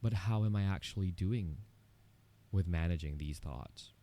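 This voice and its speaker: A man's voice: low voice, a little slow, dark tone. A man hosting a solo podcast, talking earnestly and candidly in a personal, encouraging monologue with casual "you know" asides. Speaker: podcast host.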